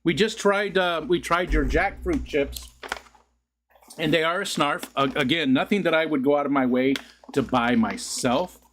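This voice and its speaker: A man's voice: on the high side, moderate pace, fairly bright tone, slight background noise. A man hosting a casual home livestream, chatting to his viewers in a loose, rambling way and laughing often. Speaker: livestream host. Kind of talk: casual chat to live viewers. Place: home room.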